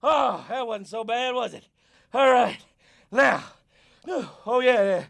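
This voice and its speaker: An actor playing a peppy cartoon football coach who hollers pushy pep talks while leading an exercise break. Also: male voice, extremely high pitch, lively intonation, takes it slowly, creaky, a bit bright, heavily acted. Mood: pumped.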